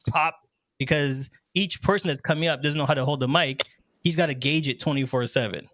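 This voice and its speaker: A man hosting a casual show, talking in an animated, joking way and laughing often, on a close handheld microphone. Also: medium pitch, no echo. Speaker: host and wedding MC. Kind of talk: casual talk show chat.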